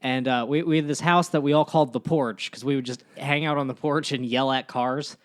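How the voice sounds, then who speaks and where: A man in his twenties co-hosting a podcast, making wry, deadpan asides and telling stories in casual chat, laughing at his own jokes. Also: medium pitch, fairly quick. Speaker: podcast co-host.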